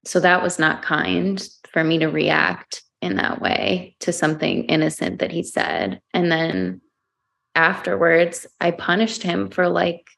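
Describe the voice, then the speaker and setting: A woman's voice: lowish voice, sing-song, unhurried, creaky, a bit bright. A young woman recounting a fight with her husband in a hesitant way, full of fillers. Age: young adult. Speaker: participant sharing a conflict. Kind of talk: personal account in counselling session.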